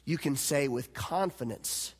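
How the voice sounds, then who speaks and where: A man preaching a sermon as pastor, animated and swinging between loud, emphatic lines and hushed, quiet ones. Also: medium pitch, unhurried, breathy edge. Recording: long hall reverb.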